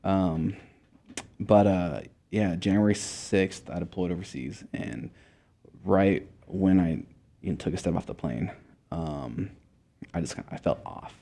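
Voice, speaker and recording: A man's voice: low-pitched, unhurried, gravelly, warm tone. A young man from Montana, a guest in a casual interview, telling his story in a laid-back way, with lots of swearing and filler words. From Montana, USA.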